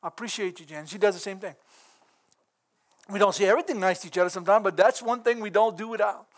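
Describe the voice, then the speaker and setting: A man's voice: high voice, fast. A middle-aged man giving a folksy, earnest sermon, laughing often between points. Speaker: preacher.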